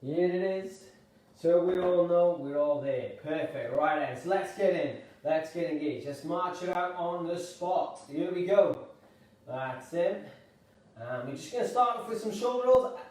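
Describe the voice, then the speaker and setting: A man's voice: a little high, a little mellow, recorded from a distance. Upbeat man leading an exercise class. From Wales. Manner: upbeat, encouraging, chatty. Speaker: exercise instructor. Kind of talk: live online exercise class. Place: room at home. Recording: echoey room, voice from afar.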